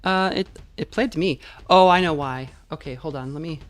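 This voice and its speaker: Playing a game at home, a woman streamer chats casually into a dynamic USB microphone, drifting off on tangents and using plenty of fillers. Her voice is low and brisk, there's no echo, and faint game music plays behind her.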